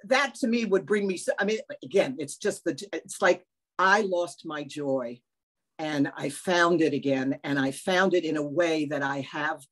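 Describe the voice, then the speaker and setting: An older woman talking candidly on a video call, animated and self-mocking, swearing now and then. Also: low voice, unhurried. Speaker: workshop participant. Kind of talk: emotional personal sharing on a video call.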